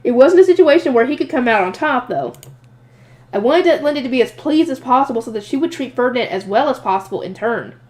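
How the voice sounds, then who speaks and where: A woman narrates a light novel aloud at a quick pace. Her voice sits a bit high. She reads expressively and voices the narrator's private thoughts with feeling. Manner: lively, expressive reading with voiced asides. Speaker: audiobook reader.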